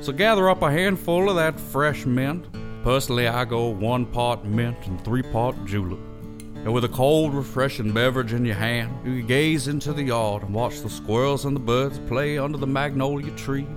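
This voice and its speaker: A man putting on a courtly Southern gentleman. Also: mid-range voice, over music, lightly acted. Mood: genteel. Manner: courtly, flowery and unhurried. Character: genteel, pompous Southern gentleman host. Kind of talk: comic character monologue.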